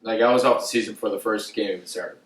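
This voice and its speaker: A man's voice: fairly low pitch, fast, far from the mic, slight background noise. A young man telling a long story on a podcast, rambling with lots of swearing and filler words. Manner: rambling, profane, full of "like" fillers. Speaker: podcast co-host. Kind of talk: casual storytelling. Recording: echoey room, off mic.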